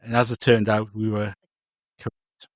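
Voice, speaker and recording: A man's voice: fairly low pitch, completely flat delivery, moderate pace, dry recording. A man, co-hosting a podcast in casual chat, telling stories with many restarts and self-interruptions. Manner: rambling, self-interrupting storyteller. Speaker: podcast co-host.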